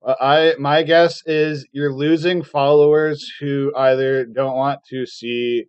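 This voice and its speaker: A man's voice: medium pitch, flat delivery, slow pace, clean tone, no room sound. Guy ranting on stream, sarcastic and sweary, lots of likes, kinda dull lo-fi mic. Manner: sarcastic, mocking, profane; rambling with constant filler words. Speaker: live streamer. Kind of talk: casual ranting monologue.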